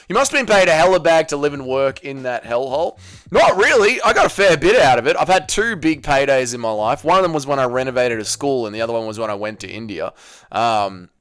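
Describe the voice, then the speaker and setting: A man's voice: mid-range voice, a bit bright. A young man hosting a casual livestream, reading viewer messages aloud and answering them with crude, joking banter. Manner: crude, joking, swears a lot. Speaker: livestream host.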